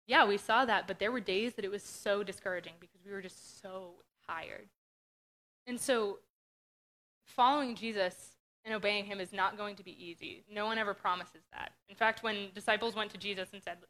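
Young woman from Western Pennsylvania, casual testimony talk, earnest and chatty, mid-pitched. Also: normal speed, fairly bright tone. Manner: earnest, conversational, many fillers. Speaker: speaker sharing testimony.

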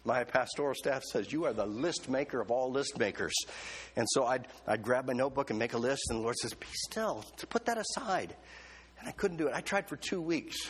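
A male pastor preaching a sermon, telling a story with humor and lively, excited quotes of himself. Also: mid-range voice, breathy edge.

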